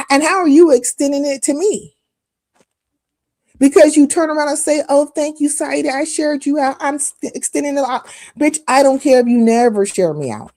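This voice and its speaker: A woman's voice: on the high side, mellow, dry recording, clean studio sound. Profane, confrontational woman live-streamer. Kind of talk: heated live-stream rant.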